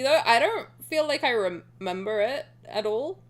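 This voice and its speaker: A woman streamer chatting casually and excitably with her viewers, rambling and swearing now and then. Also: fairly high pitch, moderate pace, few pauses. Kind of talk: casual live-stream chat.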